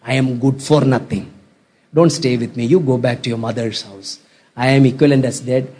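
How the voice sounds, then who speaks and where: A man voicing a grieving older widow in a sermon, softly and mournfully. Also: steady tone, normal speed, slightly rough, close to an everyday voice. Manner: soft, lowered, mournful.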